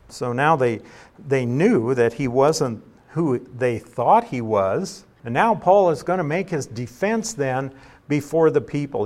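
A pastor teaching through a Bible passage verse by verse in a conversational way, reading the scripture aloud and explaining it. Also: male voice, mid-range voice, a little mellow.

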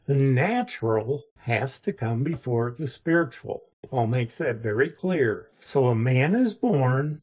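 Male Bible teacher, husky voice, unhurried delivery, methodical step-by-step explaining with offhand asides. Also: medium pitch, a little mellow.

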